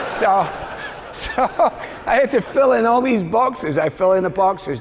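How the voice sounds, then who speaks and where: A male pastor preaching, telling a self-deprecating story with humor and acting out the dialogue in lively bursts. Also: unhurried, long reverb tail, noisy background. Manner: lively, rising to high animated bursts. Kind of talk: sermon.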